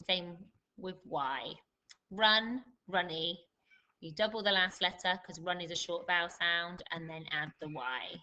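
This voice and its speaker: A woman leads a spelling lesson for young children. Her voice is bright and clear, and she speaks slowly and deliberately, stressing each word. She explains each point patiently, the way a teacher does for small pupils. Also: fairly low pitch, muffled recording. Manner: slow, deliberate dictation with clear emphasis. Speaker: primary school teacher.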